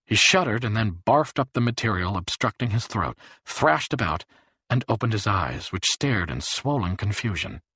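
A man narrating an audiobook in a dramatic, expressive way. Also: on the low side, normal speed, breathy edge, no room sound, clean studio sound. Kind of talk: scripted narration.

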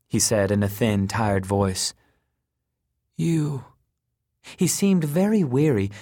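A man narrating a story in a measured, dry storytelling manner. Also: fairly low pitch, no room sound.

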